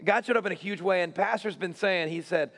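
A young male youth pastor with a hoarse, worn-out voice, speaking energetically and self-deprecatingly to his congregation before leading a prayer. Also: sits high, fairly quick, a bit bright. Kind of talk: church announcements and prayer. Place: large church auditorium. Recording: long church hall reverb.

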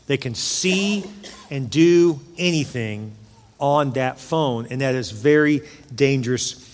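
A man's voice: medium pitch, takes it slowly, slight background noise. A middle-aged man preaching a sermon as pastor, emphatic and conversational, with jokes in between. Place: church sanctuary. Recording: long church-hall reverb.

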